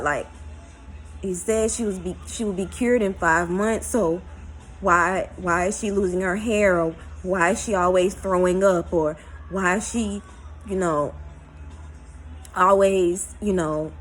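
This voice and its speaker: A woman tells a personal story in a vlog, emotional and halting, with many fillers. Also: lowish voice, faint music behind, rough recording. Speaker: vlogger.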